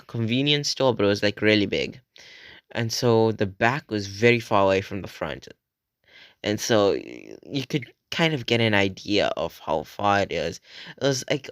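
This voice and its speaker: A man's voice: lowish voice, dry recording, studio quality. A fourteen-year-old boy casually telling a rambling, profane story as a vlogger, often acting out what his friends said. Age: teens. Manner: rambling, swearing, acts out quoted friends in a raised voice.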